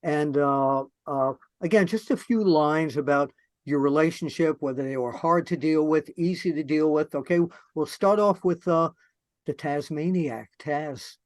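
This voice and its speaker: A man with a somewhat high voice hosts the interview, reacting eagerly and moving things along with short prompts. His voice sounds dry and close, with little room sound. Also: measured pace, no room sound. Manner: enthusiastic, reactive, asks short questions. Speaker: interview host. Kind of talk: casual interview chat.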